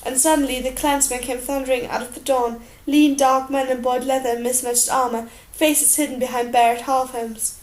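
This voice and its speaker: A woman narrating an audiobook in a steady, expressive storytelling manner. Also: sits high, moderate pace, hardly any pauses. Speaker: audiobook reader. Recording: roomy echo.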